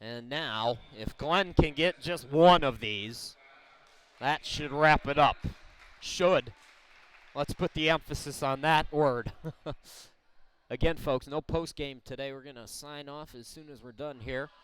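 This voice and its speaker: A man calling a college women's basketball game play by play, explaining the situation in a measured way between plays. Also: fairly high pitch, fairly bright tone, clean tone. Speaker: play-by-play announcer. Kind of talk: sports commentary. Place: college gym broadcast.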